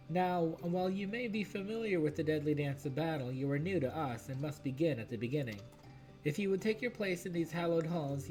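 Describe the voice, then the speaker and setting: A man's voice: fairly high pitch, a little mellow, voice pushed up, close to an everyday voice. A man voicing a proud, grandiose male guild recruiter in a video game, speaking formally.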